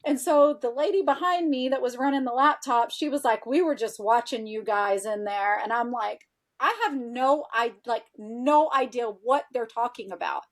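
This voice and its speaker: A woman guest on a podcast, chatty and animated, sprinkling in "like" and acting out what people said as she tells a personal story. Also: fairly high pitch, moderate pace. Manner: animated, chatty, frequent "like" fillers, acts out quoted dialogue. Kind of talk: casual storytelling in a podcast interview.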